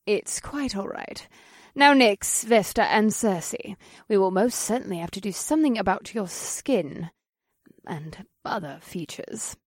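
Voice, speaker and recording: A woman playing a gentle witch headmistress. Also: medium pitch, dry recording, studio quality. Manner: calm, measured and kindly.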